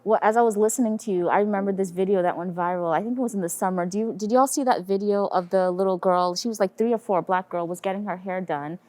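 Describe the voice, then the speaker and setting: A woman's voice: medium pitch, quick pace, few pauses, a little mellow, dry recording. A woman in her thirties moderating a discussion, talking thoughtfully with many "you know"s and "right"s. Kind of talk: casual panel discussion.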